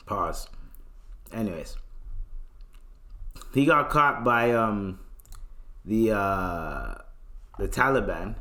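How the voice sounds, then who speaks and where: A man's voice: mid-range voice, animated, takes it slowly, long pauses, fairly bright tone. A man hosting a podcast alone, ranting loosely with lots of slang and swearing. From Canada. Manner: loose, profane, rambling rant with slang. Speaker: podcast host. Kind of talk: casual solo commentary.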